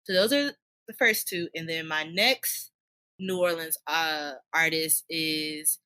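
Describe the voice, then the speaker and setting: Animated woman podcast co-host. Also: sits low, takes it slowly, clean tone. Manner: animated, slangy, laughs often. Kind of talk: casual chat.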